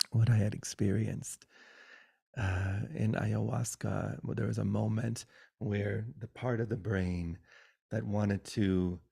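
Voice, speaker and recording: A man giving a spiritual satsang talk over a video call, soft and unhurried, often dropping to a whisper. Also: on the low side, vocal fry, breathy edge, dry recording, clean studio sound. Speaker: spiritual teacher.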